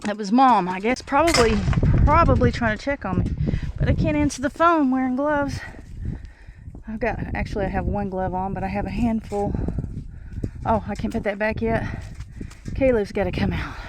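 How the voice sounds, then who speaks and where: A woman's voice: fairly high pitch, normal speed, noisy background. A woman, out of breath, chatting casually as she feeds her animals outdoors on a snowy farm, filmed on a tripod camera. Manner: chatty, talks to animals, thinks aloud. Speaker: homesteader vlogger. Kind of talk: casual narration while doing farm chores.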